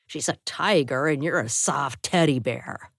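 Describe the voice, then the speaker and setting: A gruff, bitter man stuck in a hospital bed, as a woman narrating an audiobook puts him on. He talks loud and mocking. The voice is low and the reading is close and dry. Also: unhurried, no echo, exaggerated voice. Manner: mocking, sarcastic.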